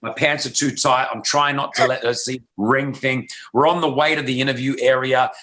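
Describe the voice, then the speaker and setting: A man's voice: mid-range voice, steady tone, normal speed, sharp tone. A radio host in his thirties from Australia, telling a story as an interview guest and acting out the people he quotes.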